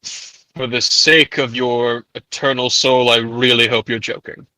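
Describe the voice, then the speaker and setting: A man's voice: mid-range voice, level tone, measured pace, sharp tone, no echo, low-quality recording. A man voicing a pious, stern male warrior sent by the church, speaking formally.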